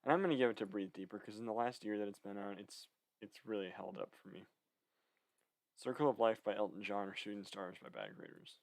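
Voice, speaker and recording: A man's voice: on the low side, lively intonation, a little fast, gravelly, dry recording. A young man chatting casually to camera, rambling with many fillers and slightly out of breath. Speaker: vlogger. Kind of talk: casual chat.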